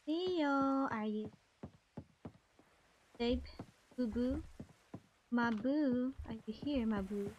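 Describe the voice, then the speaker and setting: High-pitched streamer woman, dramatic and playful. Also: very slow, long pauses, muffled recording, slight background noise. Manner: playful, dramatic, squealing and fake-sobbing over a game character. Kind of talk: casual game livestream commentary. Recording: faint game music behind.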